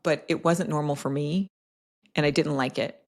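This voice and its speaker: Low, gravelly-voiced woman telling her story. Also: fairly even intonation, normal speed. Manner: reflective, personal storytelling with frequent "like" and "right?". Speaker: podcast guest, health coach. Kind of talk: casual conversational interview.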